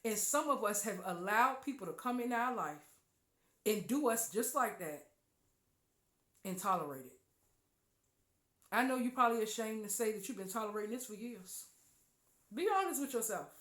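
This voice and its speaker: A woman hosting a podcast, giving an emphatic, preachy spiritual talk with loud exclamations. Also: a little high, animated, normal speed, pauses often, echoey room. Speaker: podcast host.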